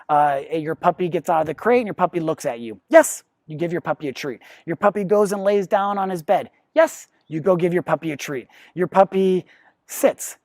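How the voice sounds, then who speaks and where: A dog trainer talks through puppy lessons in a methodical, matter-of-fact way and leans on everyday comparisons. The voice sits in a middle pitch. It is recorded dry, with no room echo. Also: darkish tone. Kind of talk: instructional talk to camera.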